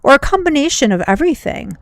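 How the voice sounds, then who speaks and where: A woman's voice: high voice, very animated, fast, dry recording. A woman hosting a commentary video, thinking aloud in a casual, musing way with lots of "like"s. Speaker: commentary host.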